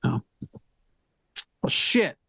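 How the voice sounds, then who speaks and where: A man's voice: extremely slow, pushed and bright, dry recording. A man joining a charity livestream as a guest, joking, teasing and thinking aloud while he fixes his stream settings. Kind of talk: casual livestream chat.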